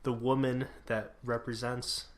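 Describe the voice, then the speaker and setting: A man's voice: mid-range voice, flat delivery, a little slow. A young man co-hosting a casual podcast, making wry, joking asides. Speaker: podcast co-host.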